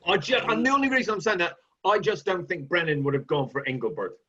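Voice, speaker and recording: A man's voice: sits high, expressive, quick pace, sharp tone, husky. A man on a comedy quiz panel, joking in a playful, mock-earnest way, on a dull lo-fi recording. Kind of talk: comedy panel podcast chat. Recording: dull lo-fi sound.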